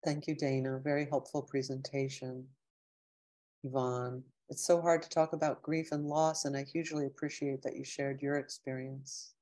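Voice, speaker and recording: Her voice is very deep and mellow, keeping a fairly flat pitch at a normal speed. She's a middle-aged lecturer closing an online talk over video, reading out audience chat comments and responding in an emotional, heartfelt way.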